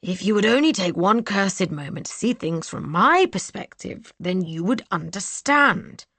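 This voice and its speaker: A woman voicing a cool, scheming young man who sneers and sometimes drops to a hush. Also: medium pitch, lively intonation, measured pace, no room sound, voice pushed up. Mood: impatient. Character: cold scheming young man, villainous brother.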